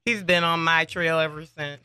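Bright, clear middle-aged woman comic. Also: low-pitched, steady tone, normal speed, no room sound. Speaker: comedian guest. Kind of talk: casual chat.

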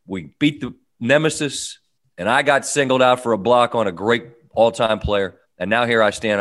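A man's voice: medium pitch, a bit bright. Thoughtful male podcast co-host. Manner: thoughtful, builds questions slowly. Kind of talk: casual interview.

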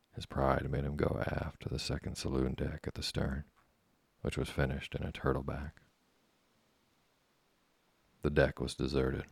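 A man reading a classic novel aloud as a sleep story, in a slow, hushed, even voice. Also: very deep voice, vocal fry, breathy edge, no echo.

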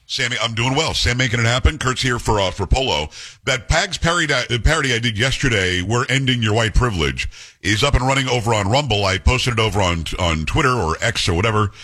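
A quick-talking male talk radio host whose pitch leaps around as he jokes and teases. His voice is bright and a little husky, and he banters casually in a broadcast studio. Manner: animated, teasing, mimics voices.

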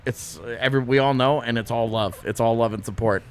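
A man co-hosting a podcast in casual chat, animated and laughing, calling people dude. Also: mid-range voice, fairly quick. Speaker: podcast co-host.

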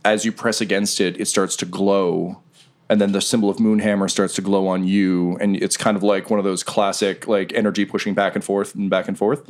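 Low-voiced game master narrating. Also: male voice, fairly quick. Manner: relaxed, rambling with fillers.

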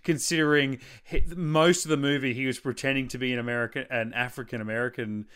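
A man's voice: medium pitch, fairly even intonation, quick pace, fairly bright tone, clear, resonant tone. A man with an Australian accent, co-hosting a casual podcast chat, rambling and swearing freely. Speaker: podcast co-host.

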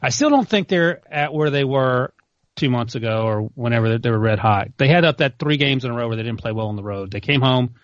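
Young male sports co-host, rapid and opinionated, dry lo-fi sound. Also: medium pitch, expressive, no echo. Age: young adult. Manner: fast, opinionated, corrects others. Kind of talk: casual sports debate.

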